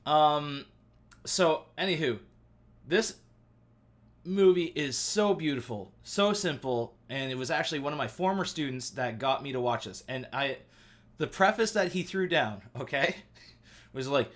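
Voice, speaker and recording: A man in his thirties hosting a casual live stream, rambling excitedly with lots of fillers. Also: a little high, measured pace. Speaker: livestream host. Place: at home.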